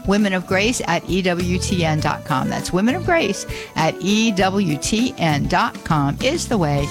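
A woman's voice: fairly low pitch, big pitch swings, over music. Chatty, upbeat woman radio host. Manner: chatty and upbeat, laughs often, repeats phone numbers slowly. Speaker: radio call-in show host. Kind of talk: live call-in radio talk. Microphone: studio microphone. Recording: dry studio sound.

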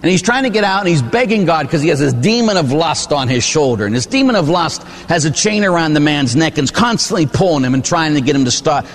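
A Catholic priest giving a sermon, telling stories with lively acted-out voices. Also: male voice, a little high, fast talker, hardly any pauses, big-room sound. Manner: animated storytelling, acts out characters.

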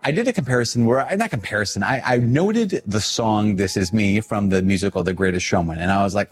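Animated, self-mocking priest talking to camera. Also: male voice, fairly low pitch, a little fast, few pauses, faint music behind. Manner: animated, self-deprecating, acting out his own reactions. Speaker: priest, video host. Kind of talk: casual talk to camera.

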